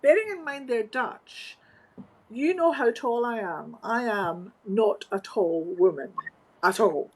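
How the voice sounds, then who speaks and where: A Scottish woman, a guest from the flower trade, telling stories in an animated, wry and emphatic way. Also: on the high side, slow pace, poor audio. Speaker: interview guest, floral industry organizer. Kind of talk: conversational storytelling.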